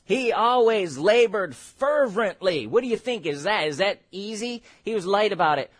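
High-voiced emphatic male preacher. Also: animated. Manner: emphatic, builds to shouted exhortations and quick asides. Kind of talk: sermon.

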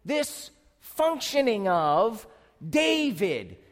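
Male preacher, very high pitch, emphatic and exclaiming, recorded with a long hall reverb. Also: very animated, extremely slow. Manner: emphatic, exclaiming, asks the audience questions. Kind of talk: sermon.

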